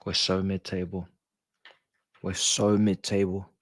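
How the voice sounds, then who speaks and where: A man's voice: sits low, level tone, slow pace, no echo. A young man, streaming a football watch-along and reacting with sighs, swearing and exasperated grumbling. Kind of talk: live match reaction.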